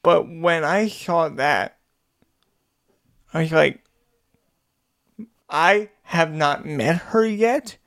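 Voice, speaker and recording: A man hosting a casual interview, speaking in an unhurried and affirming way to a friend who is his guest. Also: a little high, fairly bright tone. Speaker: podcast host.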